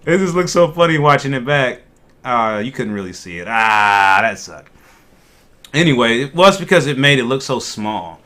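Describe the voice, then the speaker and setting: At a measured pace and in a mid-range voice, this Ohio man hosts a casual cannabis stream, laughing often and talking animatedly with the people in his chat.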